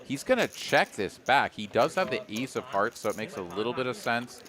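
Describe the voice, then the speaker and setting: A man's voice: mid-range voice, big pitch swings, fairly quick. A man calling a live poker cash game, joking and chatty. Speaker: poker commentator. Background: casino card room crowd.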